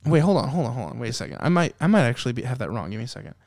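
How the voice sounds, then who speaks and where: A man's voice: medium pitch, big pitch swings, racing, gravelly, darkish tone, no room sound, studio quality. A man co-hosting a casual podcast chat, rambling and profane, with lots of fillers. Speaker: podcast co-host.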